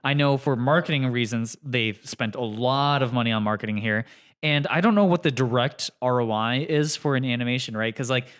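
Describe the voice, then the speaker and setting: A man co-hosting a casual podcast, speaking into a podcast microphone. His voice is smooth and resonant, and he thinks aloud, hedging with fillers. His pitch sits at an everyday middle. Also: fairly bright tone. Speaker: podcast co-host.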